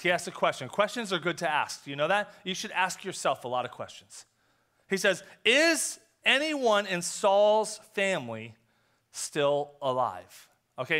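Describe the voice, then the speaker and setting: A male pastor giving a conversational sermon, telling a story with quick acted asides. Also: high voice, pushed and bright. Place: church sanctuary.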